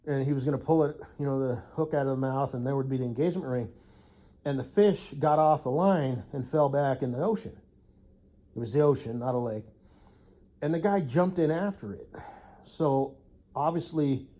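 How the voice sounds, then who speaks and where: A man's voice: mid-range voice, warm tone, lo-fi sound. A man telling a long rambling story to the camera in a casual, profane monologue, laughing at his own jokes. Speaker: vlogger.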